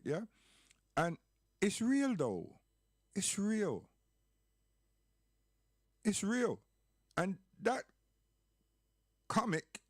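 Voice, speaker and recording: A man speaks in an impassioned, emphatic monologue, hammering points with repetition and rhetorical questions. His voice sits a little high. The recording is dry and close, with no room sound. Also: no echo.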